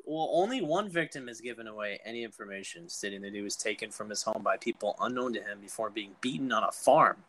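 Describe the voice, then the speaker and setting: Lively man telling a story. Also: on the low side, fast talker, few pauses, rough recording. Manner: animated storyteller, laughing through his own jokes. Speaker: podcast co-host. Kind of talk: casual chat.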